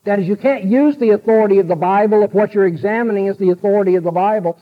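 A man's voice: high voice, fast talker, narrow, tinny audio. A man giving a classroom lecture, emphatic and repeating key sentences so students can note them.

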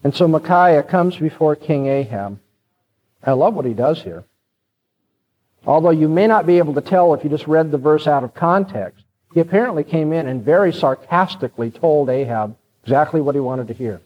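A man's voice: on the high side, animated, normal speed, long reverb tail. A man preaching a sermon in an earnest, direct and explanatory way, addressing his congregation. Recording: dull lo-fi recording.

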